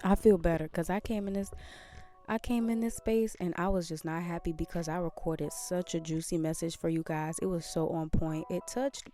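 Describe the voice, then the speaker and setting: A woman's voice: lowish voice, steady tone, moderate pace, mellow, faint music behind. A woman hosting a podcast, talking earnestly in a casual motivational monologue and repeating phrases for emphasis. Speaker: podcast host.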